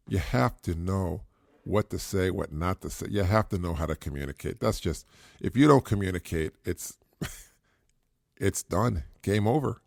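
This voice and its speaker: A man's voice: low-pitched, expressive, unhurried, gravelly, a little mellow, dry recording, studio quality. A middle-aged man hosting a podcast, giving casual parenting advice in an earnest, repetitive way and chuckling at his own points. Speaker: podcast host.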